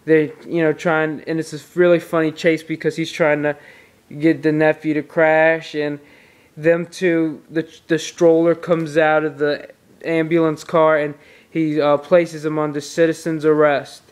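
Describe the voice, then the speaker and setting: A man's voice: on the high side, flat delivery, unhurried, clear, resonant tone. A man casually reviewing a movie on tape, retelling the plot in a rambling way with restarts.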